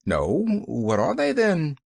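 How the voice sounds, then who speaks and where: A man voicing a kind, lonely middle-aged doctor who talks gently and a little wryly in an audiobook. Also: fairly high pitch, wildly swooping pitch, takes it slowly, gravelly, voice pushed up, full character voice. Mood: gentle.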